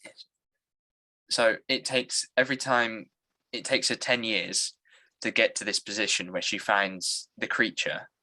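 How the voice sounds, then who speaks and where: Male podcast host, low and bright, working through plot points with restarts. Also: measured pace, low-quality recording. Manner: hesitant, explaining plot step by step. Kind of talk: casual commentary chat.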